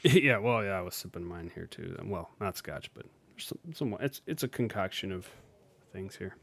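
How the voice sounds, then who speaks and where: A man's voice: low-pitched, expressive, moderate pace, vocal fry, a bit bright, no echo. A man co-hosting a casual podcast chat, rambling with restarts and laughing often. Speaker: podcast co-host.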